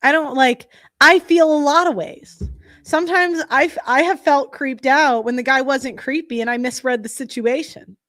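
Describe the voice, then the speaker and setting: A woman's voice: high voice, normal speed, a bit bright, no echo, clean studio sound. Blunt, profane woman streamer. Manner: heated, blunt and profane, with frequent restarts. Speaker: livestream host. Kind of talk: casual livestream commentary.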